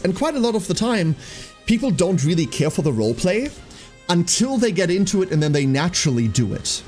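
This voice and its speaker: A man chats casually with his stream viewers, his fairly high voice swinging up and down as he tells the story. He swears freely and acts out the people he quotes. Faint music plays behind him. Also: darkish tone.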